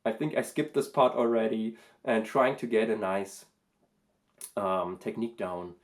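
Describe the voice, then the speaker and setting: A man talking through a casual vocal lesson, thoughtful and hesitant, with many pauses and fillers. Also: lowish voice, fairly even intonation. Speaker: vocal coach and vlogger.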